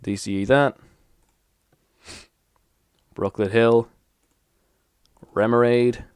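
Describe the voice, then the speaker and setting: A young man giving casual, animated commentary as he plays a card game on his channel, swearing and mocking himself. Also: medium pitch, drawn-out words, smooth, no room sound, clean studio sound. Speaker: gaming YouTuber.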